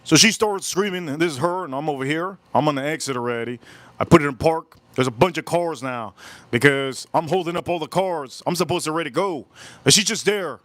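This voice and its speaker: A man hosting a live stream tells a story with lots of emphasis, often repeating his words. His voice sits a bit high for a man. The sound is dry, with no room echo. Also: a little fast. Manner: animated, emphatic, repeats phrases. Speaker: livestream host.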